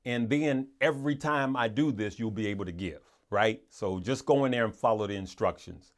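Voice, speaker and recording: A man with a fairly low voice hosts a live stream at a moderate pace, chatting casually and earnestly with viewers in a motivational way. He rambles and repeats himself, with frequent restarts and stammers.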